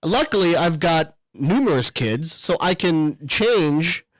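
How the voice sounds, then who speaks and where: A young father co-hosts a relaxed podcast, rambling through stories and swearing freely. His voice sits a little high, and the sound is close and dry. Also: slow, no room sound. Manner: rambling, swears, laughs often. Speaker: podcast co-host. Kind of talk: casual chat.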